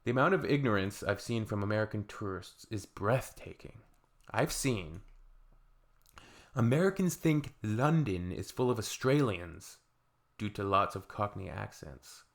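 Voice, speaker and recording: Gravelly Canadian man reading comments. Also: lowish voice. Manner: dry sarcastic asides. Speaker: reaction video host.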